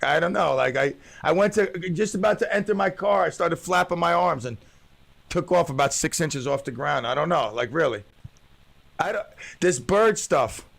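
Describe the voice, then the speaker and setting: A man's voice: a little high, expressive, normal speed, gravelly, a bit bright. A man hosting his own radio talk show alone, joking and rambling with playful tall tales.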